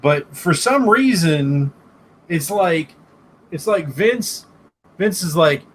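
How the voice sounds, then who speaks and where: A man co-hosting a wrestling podcast, musing out loud with frequent restarts. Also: on the high side, animated, takes it slowly, a little hiss or hum. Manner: hesitant, restarts while reasoning aloud. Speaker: podcast co-host. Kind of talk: casual wrestling chat.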